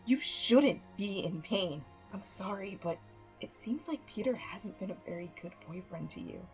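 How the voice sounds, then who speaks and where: A woman voicing a shy, earnest young man who stammers gently and apologizes often. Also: mid-range voice, expressive, measured pace, faint music behind, rough recording.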